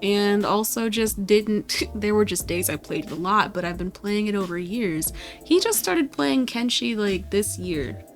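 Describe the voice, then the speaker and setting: Speaking over music, this gaming streamer has a mid-range voice that's animated but a little slow. She chats casually to herself at her computer, growing exasperated and swearing at the game.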